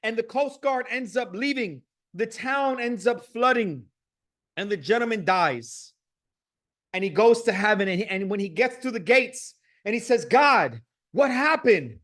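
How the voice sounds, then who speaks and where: Very high-voiced male motivational speaker. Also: normal speed, a bit bright. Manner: preachy, emphatic, repetitive. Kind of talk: motivational speech with storytelling.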